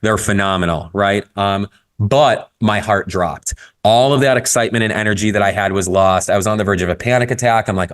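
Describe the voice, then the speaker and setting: A man speaking in a fairly low voice, candid and unfiltered. He tells his story with frequent swearing and animated turns. It is casual podcast talk. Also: a little fast. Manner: candid, profane, storytelling, lively. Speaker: guest photographer.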